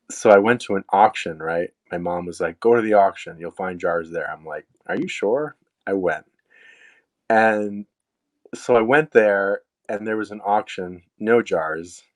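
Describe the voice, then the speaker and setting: Low-voiced young man telling a story. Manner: casual, animated retelling with quoted asides and fillers. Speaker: storyteller guest. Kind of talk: personal storytelling.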